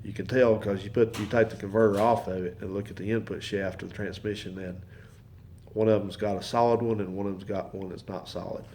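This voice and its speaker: Brisk and a little mellow, this man's fairly low voice keeps a fairly even intonation, with a bit of hiss or hum on the recording. A mechanic and channel host, he rambles through a long, folksy story to camera in his home garage, circling back over the same points in a casual way.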